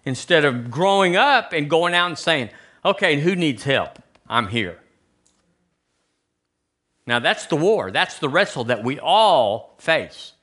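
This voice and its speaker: A man's voice: fairly high pitch, very animated, unhurried, sharp tone. A man preaching a conversational sermon in a church, asking the congregation rhetorical questions. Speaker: pastor. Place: church sanctuary.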